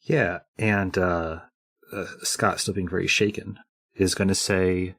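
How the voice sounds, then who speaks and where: A man playing a tabletop game, talking through his character's choices in a relaxed, thinking-aloud way. His voice is very deep and has a husky edge. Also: slow pace. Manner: thinking aloud, hesitant fillers. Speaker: player. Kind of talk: casual tabletop game play.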